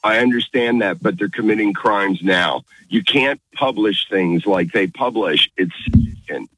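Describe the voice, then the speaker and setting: A male caller from California with a very deep voice and a bright, forceful edge. He is earnest and measured, heard dry over a call-in line. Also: breathy edge, no echo, low-quality recording.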